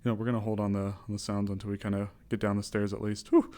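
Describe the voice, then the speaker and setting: A man's voice: on the low side, little pitch movement, rapid-fire, dark tone. A male streamer in casual chat while playing a roleplay character, hesitant and often laughing.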